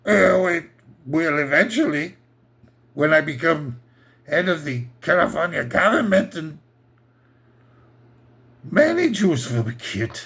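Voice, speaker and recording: A man's voice: a little high, sing-song, unhurried, pauses often, a bit bright, breathy edge, exaggerated voice. A man voicing an eager, earnest young son who boasts about his plans.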